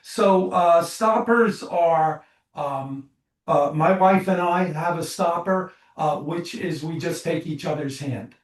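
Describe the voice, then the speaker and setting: A man, a psychologist and author, telling stories in an interview, animated and full of fillers and restarts. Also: fairly high pitch, takes it slowly, echoey room, far from the mic. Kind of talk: interview storytelling.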